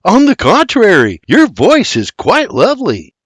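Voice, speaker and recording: Narrator putting on a chipper, charming young farmhand with a raised voice; storybook. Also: male voice, sits high, huge pitch swings, measured pace, no echo, pitched above the performer's own voice, exaggerated voice. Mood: cheerful. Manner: cheerful, charming.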